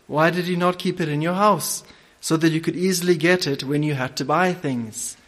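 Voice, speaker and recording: A man's voice: on the high side, steady tone, moderate pace, fairly bright tone, lightly acted. A man reading as a blunt, questioning stranger. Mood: puzzled.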